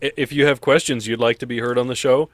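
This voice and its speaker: A man's voice: medium pitch, steady tone, fast, no echo. A man co-hosting a podcast, joking with the others and reading out show plugs. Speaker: podcast co-host. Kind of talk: casual live-stream banter.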